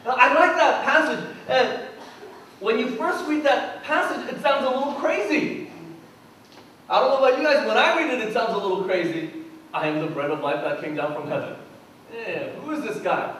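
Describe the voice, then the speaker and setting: A man preaching a sermon as pastor, conversational and animated, asking his congregation questions. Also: very high-pitched, normal speed, slight background noise. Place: church sanctuary. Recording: roomy echo from a distant mic.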